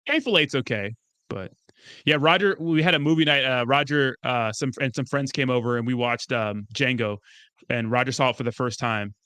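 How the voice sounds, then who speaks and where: A young man chatting casually as a streamer, rambling and excitable, swearing often and breaking into laughs. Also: mid-range voice, moderate pace, clean tone, no echo, studio quality. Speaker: crypto streamer. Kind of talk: casual chat.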